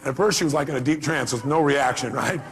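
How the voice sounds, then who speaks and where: A man's voice: mid-range voice, fast, a crowd in the background, background noise. A middle-aged man giving a motivational seminar talk, emphatic and quizzing the audience with questions. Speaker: motivational speaker.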